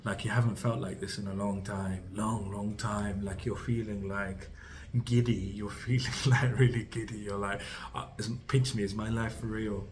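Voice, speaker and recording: Tarot reader, male, low monotone voice, rambling delivery full of "like" and "you know", reassuring. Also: moderate pace, background noise. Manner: rambling, full of fillers and restarts; reassuring, speaks directly to the listener. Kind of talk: tarot reading to camera.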